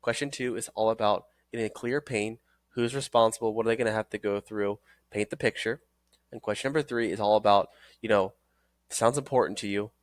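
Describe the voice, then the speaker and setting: An energetic man coaching trainees through a sales script. He repeats phrases for emphasis and talks straight to the listener. The sound is dry and close, with little room in it. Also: mid-range voice, dry recording. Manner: acts out sales calls in several voices. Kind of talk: recorded training course.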